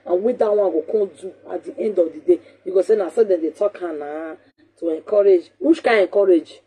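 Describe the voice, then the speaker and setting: A Nigerian woman hosting a talk show, her voice deeply husky and mellow. She talks casually and animatedly, scolding and hammering her points home by repeating them. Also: a little fast.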